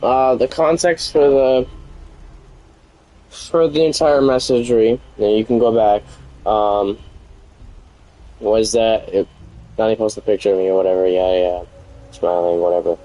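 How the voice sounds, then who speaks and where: Aggrieved low-voiced man venting. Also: level tone, a little slow, long pauses, warm tone, low-quality recording. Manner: aggrieved, rambling, repetitive. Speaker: streamer. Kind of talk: venting to stream about a relationship argument.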